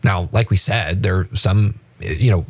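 With a low, husky voice and an unhurried pace, this man co-hosts a casual faith podcast. He's animated, performs quoted voices, and his speech is loose with lots of restarts and fillers.

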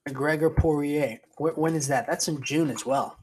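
A man hosting his own podcast alone rambles casually, swears heavily, and keeps restarting sentences. His voice is on the high side and a little mellow at a moderate pace, with slight background noise.

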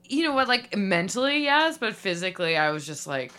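A woman's voice: medium pitch, big pitch swings, a little fast, pushed and bright. A woman improvising a comic story, rambling and bubbly, laughing often and filling her talk with likes. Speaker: improv comedy guest.

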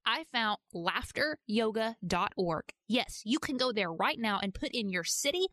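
A woman from Georgia hosting a podcast, talking in a playful, jokey, animated way. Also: a little high, measured pace, no room sound. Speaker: podcast host. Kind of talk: casual podcast narration.

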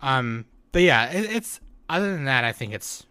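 Male podcast host, bright tone, casual rambling delivery, dry recording. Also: mid-range voice, smooth, no echo. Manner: relaxed, rambling with fillers and quick laughs.

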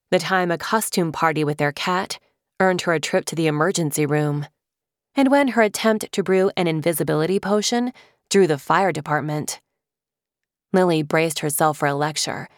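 A woman with a lowish voice narrates a middle-grade fantasy audiobook, reading the script in a measured yet vivid manner. The recording is dry and close-miked, with no room sound whatsoever.

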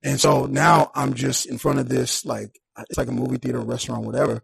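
A young man telling a personal story on a podcast in a casual, animated way, acting out the people in it. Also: mid-range voice, fairly quick, gravelly, slightly rough. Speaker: podcast guest.

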